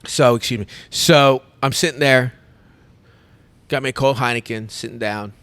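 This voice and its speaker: A man, a podcast host telling a long story in casual chat, animated and rambling with restarts. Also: mid-range voice, moderate pace, smooth. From United States.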